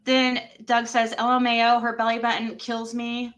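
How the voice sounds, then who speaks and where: A woman's voice: fairly high pitch, monotone, moderate pace, fairly bright tone. A woman hosting a livestream, reading text messages aloud and reacting to them with exclamations and laughter. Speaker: livestream host.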